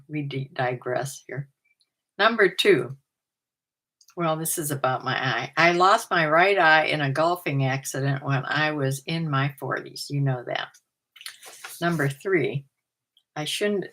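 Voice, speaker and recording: A woman's voice: low-pitched, unhurried, a bit bright. An older woman vlogging at home, chatting through a numbered list about herself and often laughing at her own remarks. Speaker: vlogger and part-time reseller. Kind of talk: casual chat to camera, going through a numbered list.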